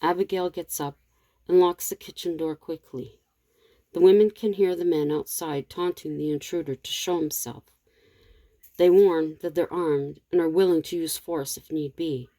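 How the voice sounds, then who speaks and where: A woman narrates a tense story in a steady, measured reading. Her voice is low and dark, and the recording is dry and close. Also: no echo.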